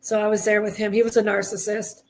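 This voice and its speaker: Candid woman guest, halting testimony. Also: mid-range voice, level tone, a little mellow. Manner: candid, halting, frequent throat-clearing. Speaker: guest, Army veteran. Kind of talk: personal testimony in conversation.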